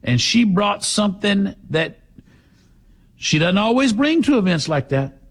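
A man's voice: high-pitched, sing-song, measured pace, slightly rough. A man hosting a talk show, giving sarcastic, emphatic opinion commentary.

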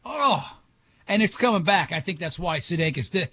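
A man's voice: high voice, animated, normal speed, bright, forceful tone, slightly rough. A man hosting morning radio, chatting loosely and joking with his co-hosts. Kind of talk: casual on-air banter.

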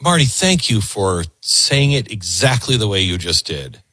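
Deep-voiced earnest male radio host. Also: sing-song, pushed and bright, breathy edge, no room sound. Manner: earnest, halting, repeats words. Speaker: radio talk show host. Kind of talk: call-in radio talk.

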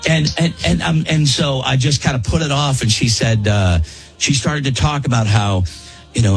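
A man's voice: medium pitch, normal speed, soft background music, rough recording. A man casually telling a story to friends on a podcast, rambling and restarting his sentences. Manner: rambling, self-interrupting, repeats words while telling.

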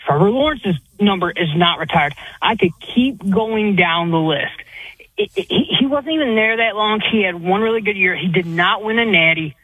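A man's voice: sits high, lively intonation, normal speed, slightly rough, no room sound. Exasperated male caller on a phone line. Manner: heated, exasperated opinions. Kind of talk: call-in sports talk. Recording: dry tinny phone line.

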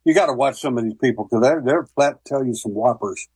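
Man, husky voice, radio guest, rambling anecdotes, many fillers, dry sound. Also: medium pitch, brisk, a little mellow, no room sound, poor audio. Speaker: guest, paranormal investigator. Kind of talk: casual radio interview.

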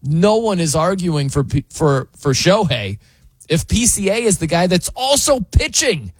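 A man's voice: high-pitched, big pitch swings, unhurried, breathy edge, no room sound. A man hosting a sports talk show, ranting emphatically and incredulously, with laughs between points. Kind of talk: opinionated sports commentary.

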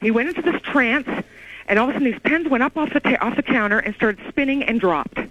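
Woman caller, rambling and excited, bright high voice, dull lo-fi phone sound. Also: quick pace, no room sound. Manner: excited, rambling, breathless storyteller. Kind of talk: call-in radio storytelling. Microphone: phone call. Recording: muffled lo-fi phone line.

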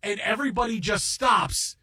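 A middle-aged man hosting a sports radio show, telling stories in an animated, rambling way with many restarts. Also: sits high, normal speed. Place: radio studio.

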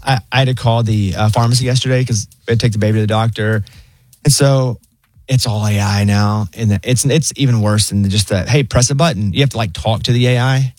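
A man's voice: lowish voice, brisk, no echo. Man in his thirties, chatty host. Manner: storytelling, animated retelling. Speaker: show host. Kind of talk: casual chat.

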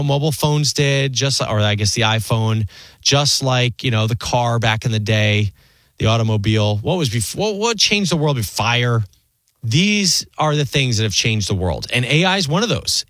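A man in his forties hosting a talk radio show, speaking in an animated, conversational monologue full of rhetorical questions. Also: mid-range voice, no echo.

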